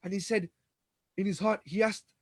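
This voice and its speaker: A man's voice: sits high, steady tone, moderate pace, creaky, slightly rough, no room sound. A man giving a religious storytelling lecture, retelling events dramatically and acting out the dialogue, with frequent restarts. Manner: frequent restarts and repeated words. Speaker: Islamic lecturer.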